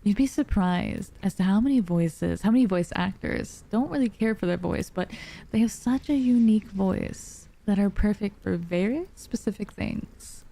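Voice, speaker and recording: A woman streaming live, chatting in a soft, sleepy, unhurried way. Her tone is mellow and dark, with a light gravelly fry at the ends of phrases. She sits close to a dynamic mic. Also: medium pitch. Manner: soft, sleepy and calm, yawning. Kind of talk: relaxed live-stream chat. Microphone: dynamic studio mic.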